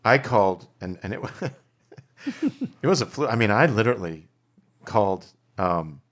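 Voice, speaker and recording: A man's voice: lowish voice, normal speed. A middle-aged man, a documentary filmmaker, telling stories in casual chat and acting out the people he quotes. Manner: animated storyteller, acts out quotes, swears freely. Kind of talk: casual chat over drinks.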